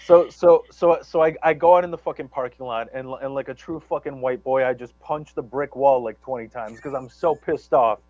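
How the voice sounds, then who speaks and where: A man's voice: medium pitch, normal speed, few pauses, darkish tone, dry recording, highs cut off. A man telling a long story on a live talk show, rambling and profane, with many restarts and stammers. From Chicago area. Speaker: guest storyteller.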